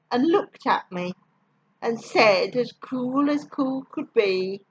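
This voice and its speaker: Slow, expressive woman reading rhymes. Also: fairly high pitch, dull audio, slight background noise. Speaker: storyteller. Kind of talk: reading rhyming poems aloud.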